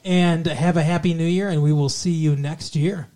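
A man's voice: on the high side, fairly even intonation, moderate pace, dark tone. A man hosting a podcast, chatting casually and playfully with his co-host and joking around. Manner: jokey, playful, repeats intros in a mock radio-DJ voice.

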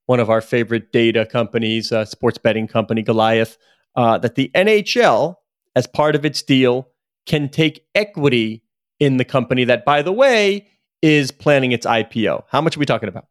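A man's voice: medium pitch, normal speed, no room sound, studio quality. A man co-hosting a podcast in a casual chat, self-deprecating and joking. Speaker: podcast co-host, business journalist.

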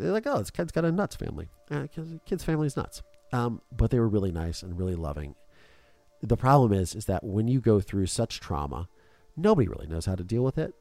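A man's voice: low voice, dark tone, no room sound. A young adult man hosting a podcast, telling an emotional family story in casual chat. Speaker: podcast host.

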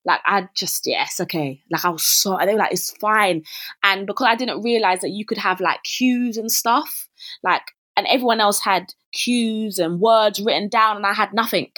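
Woman, young adult, casual podcast guest, rambling and animated in retelling. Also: mid-range voice, moderate pace. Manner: chatty, many fillers, acts out her own past remarks. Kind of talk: casual interview chat.

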